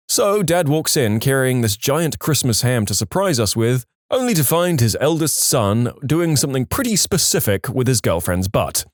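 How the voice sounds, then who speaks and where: Lively male storyteller, dry close sound. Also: medium pitch, no echo. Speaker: narrator. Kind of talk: reading reddit stories aloud.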